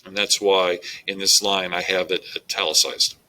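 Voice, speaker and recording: A man's voice: deep voice, little pitch movement, moderate pace, pushed and bright, poor audio. A male English teacher giving a methodical, explanatory recorded lecture on poetry.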